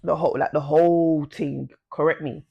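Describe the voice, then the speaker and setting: A woman chats through a personal story for her vlog. She talks loosely and uses plenty of slang. When she plays out bits of conversation, her voice leaps up in pitch. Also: fairly even intonation, normal speed, creaky, slightly rough, lo-fi sound. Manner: chatty and slangy, swings pitch to act out quoted talk. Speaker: vlogger. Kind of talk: casual storytelling to camera.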